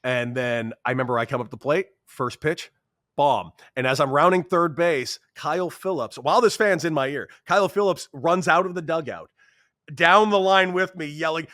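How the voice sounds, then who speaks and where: A man in his thirties, a podcast guest telling a story in a casual, animated way, acting out quotes with sudden jumps in voice. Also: normal speed, dry recording, studio quality. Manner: animated, acts out quotes with big pitch jumps. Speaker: podcast guest, former baseball player.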